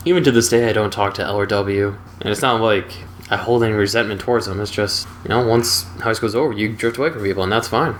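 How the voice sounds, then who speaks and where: A man's voice: on the low side, fast, a little hiss or hum. Chatty young man telling a story. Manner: relaxed, chatty, wry. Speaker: storytelling channel host. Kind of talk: casual storytelling.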